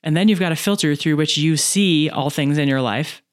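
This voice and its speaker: A woman coaching on mindset in a solo podcast, lively and chatty, often adding "right?" and acting out inner voices. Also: deep voice, moderate pace, no room sound, clean studio sound. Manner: acts out inner voices and laughs at herself.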